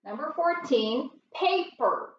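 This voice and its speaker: A woman teaching a phonics lesson, sounding out words slowly and patiently for young learners. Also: high voice, lively intonation, echoey room, distant mic, highs cut off, a little hiss or hum.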